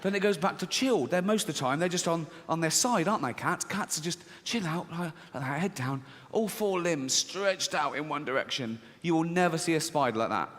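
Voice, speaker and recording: Man doing stand-up on a theatre stage: animated and profane, with a long reverb tail from the hall. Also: a little high, fairly quick, few pauses, slight background noise. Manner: animated, profane, acts out characters. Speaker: stand-up comedian. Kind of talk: stand-up comedy set. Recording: reverberant hall with faint ambience.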